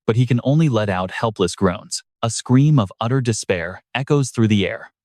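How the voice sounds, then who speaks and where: A man's voice: mid-range voice, animated, normal speed, darkish tone, no echo, studio quality. A man narrating a story recap in a dramatic, scripted storytelling manner. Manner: dramatic storytelling with brief voiced quotes.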